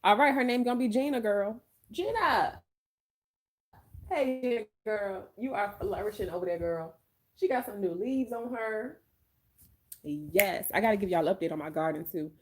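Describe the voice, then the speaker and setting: A woman with a Southern American accent from Georgia, hosting a casual live-stream chat in an animated, expressive voice. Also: mid-range voice, moderate pace. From Georgia, USA. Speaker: vlogger, host.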